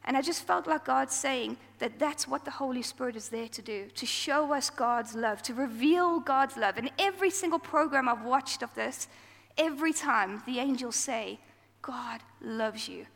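A woman's voice: high voice, normal speed, creaky, hardly any pauses, fairly bright tone. A woman giving an informal talk at church, chatty and self-deprecating, acting out quoted lines as she goes. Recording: long hall reverb.

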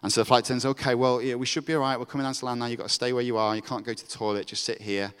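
A man's voice: mid-range voice, flat delivery, rapid-fire, fairly bright tone, smooth. A man preaching a storytelling sermon, acting out the characters' voices as he goes. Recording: reverberant hall.

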